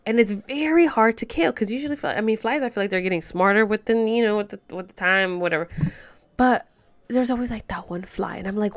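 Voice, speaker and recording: A young woman, ranting casually to her listeners, animated and slangy, sometimes dropping to a whisper. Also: fairly high pitch, a little fast. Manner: animated, swearing, code-switching slang, drops to whispers. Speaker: vlogger.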